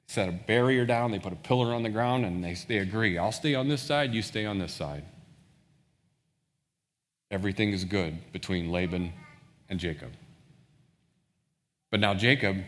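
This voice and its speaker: A man's voice: fairly low pitch, fairly bright tone. A man preaching a sermon, retelling a scripture story in plain words and briefly acting out the characters' lines. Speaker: pastor. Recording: long reverb of a large hall.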